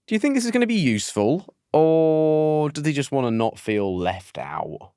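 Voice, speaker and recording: Lively British man hosting a podcast. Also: fairly high pitch, normal speed, smooth, no room sound, clean studio sound. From Britain. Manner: playful, lively questioner. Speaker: podcast host. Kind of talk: casual political podcast chat.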